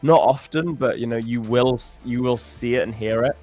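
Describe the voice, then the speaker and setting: A man's voice: mid-range voice, normal speed, a little mellow, soft background music. A man with a Pembrokeshire Welsh accent, hosting a livestream in a chatty, casual way and laughing often. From Pembrokeshire, Wales. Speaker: livestream host. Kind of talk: casual chat.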